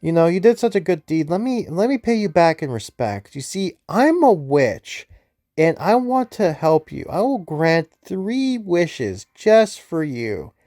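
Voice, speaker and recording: A man's voice: very animated, dark tone, no room sound. A sweetly scheming witch woman, as a man puts her on while recapping a game, purring out offers of wishes in a lifted, sing-song voice. Her words come drawn out and coaxing, in a dry, close sound. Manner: raised, sing-song pitch, drawn-out phrasing.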